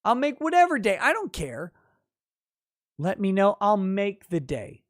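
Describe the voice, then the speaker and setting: A man hosting a casual livestream, reading viewer comments aloud and breaking into loud, profane, mock-boastful rants. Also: high-pitched, wildly swooping pitch, measured pace, no echo, studio quality. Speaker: livestream host.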